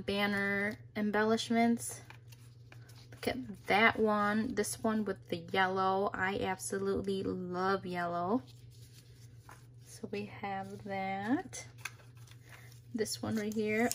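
A young adult woman unboxing craft mail in a vlog, gushing and exclaiming with excitement over each piece. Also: mid-range voice, slight background noise. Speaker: crafting vlogger.

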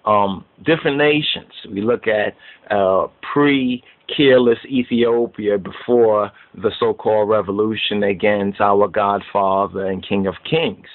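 A man's voice: on the low side, fairly even intonation, unhurried. A man teaching a Bible study sermon in a preachy way, going over verses again and again and often asking whether listeners understand. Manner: preachy, repetitive, keeps asking "you understand?". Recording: tinny phone-like line.

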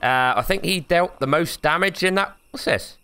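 A gaming YouTuber, a young man with a slightly high, clean voice, commentates a horror game at a moderate pace. He's excitable and jokey, swearing freely and yelping whenever something startles him.

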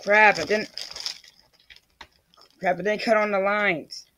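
A man's voice: high-pitched, steady tone, slow, noisy background. Rambling guy whose voice keeps cracking. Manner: rambling, restarts sentences often, talks to himself while working. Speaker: YouTuber. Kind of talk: casual unboxing vlog.

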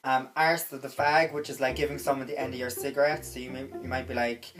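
A woman's voice: a bass voice, little pitch movement, fast talker, over music. Chatty young Cork woman vlogging. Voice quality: chatty, filler-heavy with frequent "like". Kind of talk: casual slang lesson vlog.

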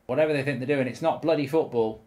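A man's voice: mid-range voice, fast talker, darkish tone. A man hosting his own channel, giving live commentary over a football management game, full of ranting, swearing and exasperated outbursts. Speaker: gaming YouTuber host.

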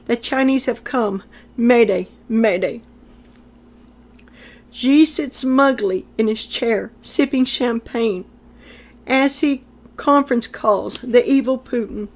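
A woman delivering a prophetic message in a solemn, declamatory way, repeating phrases for emphasis. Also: a little high. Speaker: prophetic speaker.

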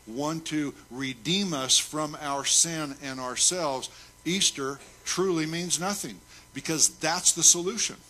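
Man, pastor, slow deliberate sermon, bright forceful tone, emphatic questions to the church. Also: mid-range voice, a little hiss or hum. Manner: emphatic preaching, asks the congregation questions. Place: church sanctuary.

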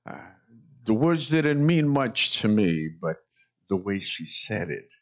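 A male pastor preaching a sermon, telling stories in an unhurried way with wry jokes. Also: on the low side, expressive. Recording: dull lo-fi sound.

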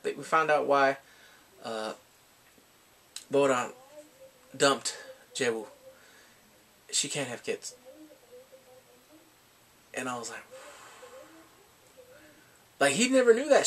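A man casually recapping and reviewing a drama, excitable and animated, often laughing and acting out his reactions. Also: mid-range voice.

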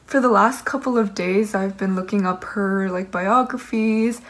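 A woman's voice: medium pitch, unhurried, a bit bright. A young woman in her late teens, a violin student, talking to camera in a rambling, candid, emotional way with nervous laughs. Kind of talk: casual vlog talk to camera.

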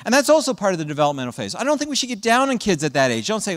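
A man giving a public talk to parents, an animated storyteller who often checks in with "right?" and acts out what children say. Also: sits high, rapid-fire, big-room sound. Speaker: guest speaker. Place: presentation hall.

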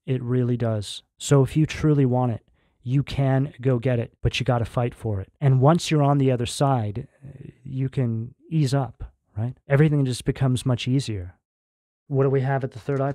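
A man doing a tarot reading in a loose, conversational way, often checking in with "right?" and filling pauses with "um". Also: medium pitch, fairly even intonation, dark tone, dry recording, clean studio sound. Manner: conversational, keeps asking "right?", fillers. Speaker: tarot reader. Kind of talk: casual tarot reading monologue.

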